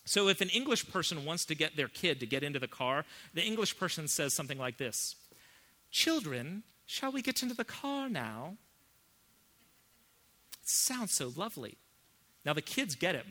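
A man preaching a sermon as pastor, emphatic, swinging between hushed and loud. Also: medium pitch.

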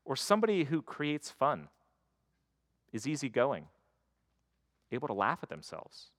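A man's voice: mid-range voice, huge pitch swings, measured pace, a bit bright, no room sound, clean studio sound. A man preaching a sermon in a conversational way, slipping into quoted voices to act out the stories. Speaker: pastor.

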